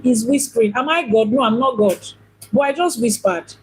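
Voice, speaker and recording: A woman's voice: a little high, normal speed, slight background noise, rough recording. A woman, a priestess and teacher, giving a teaching talk on religion. She asks questions, repeats points for emphasis and now and then mimics other people.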